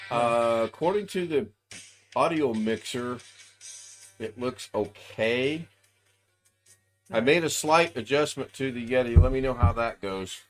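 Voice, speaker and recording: A man's voice: medium pitch, measured pace, long pauses, soft background music. A man hosting a casual livestream quiz on a video call, chatty and reading viewer comments aloud. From United States. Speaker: livestream host. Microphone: desk microphone.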